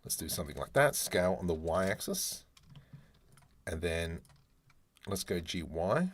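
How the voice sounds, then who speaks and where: Slow, low-voiced Australian man. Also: very animated. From Australia (Adelaide). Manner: chatty, joking, talks to himself while working. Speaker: 3D artist streamer. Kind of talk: live-streamed modeling tutorial.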